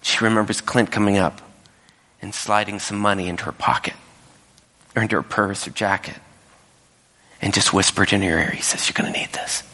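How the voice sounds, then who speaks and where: A male pastor delivering a sermon and telling a story, dropping to whispers and rising high when he quotes people. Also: steady tone, moderate pace, long pauses, sharp tone. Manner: storytelling, drops to whispers and rises high when quoting others. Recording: echoey hall with long reverb.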